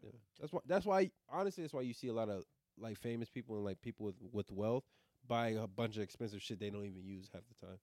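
A young man co-hosting a casual sports chat, excitable and swearing freely. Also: lowish voice, fast talker, no echo, studio quality. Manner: excitable, swears a lot, says "bro". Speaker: podcast co-host.

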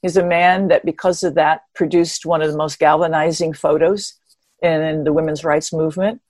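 A woman in her seventies, an interview guest and former marathon runner, telling stories in an animated, expressive way with wry humor. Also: deep voice, normal speed, no room sound. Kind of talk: conversational storytelling.

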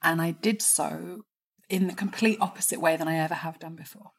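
A woman guest speaking in a slightly low, husky, breathy voice. She tells reflective personal stories at an easy conversational pace. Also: fairly quick. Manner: reflective, storytelling. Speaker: podcast guest. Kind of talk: casual conversation.

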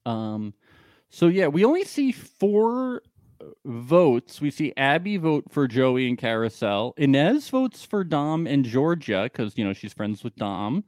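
A man's voice: medium pitch, big pitch swings, unhurried, darkish tone, no echo, studio quality. A man co-hosting a podcast, recapping a reality show in casual chat and often joking. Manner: chatty, joking and laughs often. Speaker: podcast co-host.

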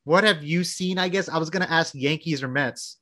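A man hosting a casual interview, chatty and animated, firing off quick either-or questions. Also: fairly high pitch. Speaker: interview host.

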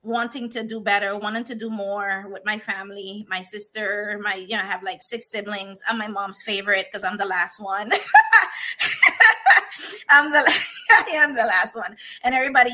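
A woman's voice: medium pitch, steady tone, fairly quick, hardly any pauses, pushed and bright. A woman from Honduras, a guest candidly telling her life story and often laughing and restarting her sentences. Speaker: podcast guest.

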